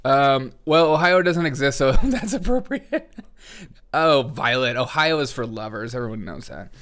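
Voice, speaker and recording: A man's voice: medium pitch, expressive, normal speed, fairly bright tone. A man hosting a comedy news live stream, talking sarcastically and laughing often. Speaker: host.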